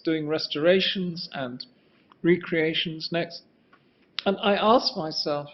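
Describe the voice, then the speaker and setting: A fairly high-pitched older man delivers a wandering, thoughtful architecture lecture, often beginning sentences again and asking for the next slide. The audio is muffled and lo-fi.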